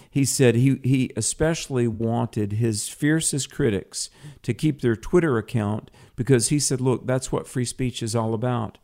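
A man's voice: mid-range voice, mellow. Upbeat chatty male radio host. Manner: upbeat, chatty, with frequent fillers and restarts. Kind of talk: live Christian radio talk. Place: home studio with a cat nearby.

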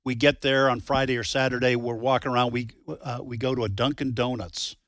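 A man co-hosting a talk radio show, telling stories and bantering on air in a lively way. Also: mid-range voice, a little fast, no echo, clean studio sound. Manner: lively anecdotal storyteller. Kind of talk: casual on-air banter and storytelling. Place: radio studio. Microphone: studio microphone.

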